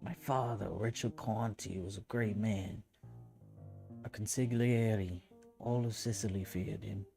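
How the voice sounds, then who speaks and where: Man putting on an old Sicilian mafia boss: proud, slow, booming, mellow-toned. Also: steady tone, vocal fry, soft background music. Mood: boastful. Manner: loud, slow, grand storytelling delivery.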